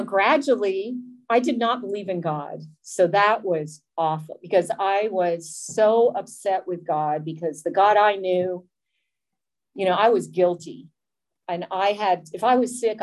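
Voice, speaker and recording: A woman's voice: medium pitch, rough recording. A woman giving a candid, self-deprecating personal testimony about her recovery. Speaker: speaker sharing a recovery story.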